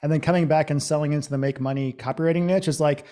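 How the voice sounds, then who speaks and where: A man's voice: a little high, steady tone, warm tone. A man hosting a podcast, talking casually and bluntly, with plenty of swearing and filler words. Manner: fast, blunt and profane, lots of fillers. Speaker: podcast host.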